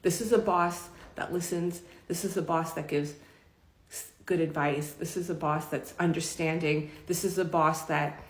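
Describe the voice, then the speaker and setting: A woman's voice: low-pitched, steady tone, normal speed. A middle-aged woman telling a personal story to camera in a frank, emotional, rambling way. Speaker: vlogger. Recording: echoey room.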